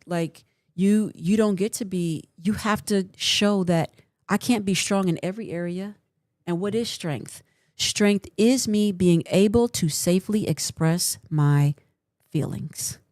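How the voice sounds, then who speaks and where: A woman's voice: lowish voice, warm tone, dry recording, studio quality. A woman hosting a livestream, giving earnest, encouraging counseling advice in casual talk and often checking in with "right?".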